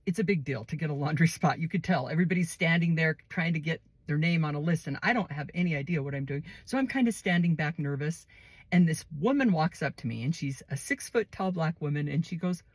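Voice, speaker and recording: A woman casually telling a personal story in a relaxed, conversational way. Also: deep voice, fast talker, dry recording.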